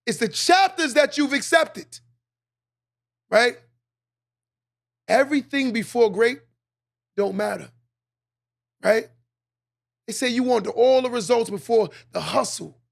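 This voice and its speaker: High gravelly guy, preaching hard on his podcast, repeats himself for punch. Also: unhurried, pauses often. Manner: preachy, emphatic, repeats lines for effect. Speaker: podcast host. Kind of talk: motivational monologue.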